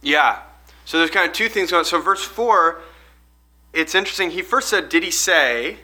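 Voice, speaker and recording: A man leads a group Bible study in a very bright, slightly high voice. He reads passages aloud, asks the group questions and explains them, often restarting his sentences. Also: lively intonation, normal speed, rough recording.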